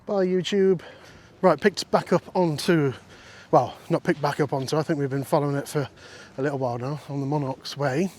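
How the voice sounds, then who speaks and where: A man's voice: on the high side, fairly even intonation, fairly quick, hardly any pauses, a little mellow. A man vlogging on a countryside walk, chatting and joking with viewers and the sheep he passes. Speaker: walking vlogger. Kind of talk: casual walking vlog chat. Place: outdoors on countryside fields and paths. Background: faint wind outdoors.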